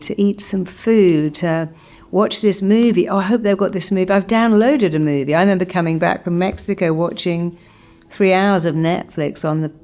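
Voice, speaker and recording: A middle-aged woman with a lowish voice gives a motivational talk to the camera as a therapist. She tells stories and briefly acts out the people in them. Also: a little mellow. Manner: storytelling, acts out quoted voices.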